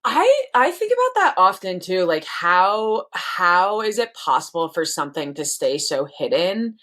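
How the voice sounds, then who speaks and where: A woman's voice: on the low side, big pitch swings, unhurried, a bit bright. A pregnant woman co-hosting a podcast, talking in a casual, rambling way with many restarts and fillers. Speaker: podcast co-host. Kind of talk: casual chat.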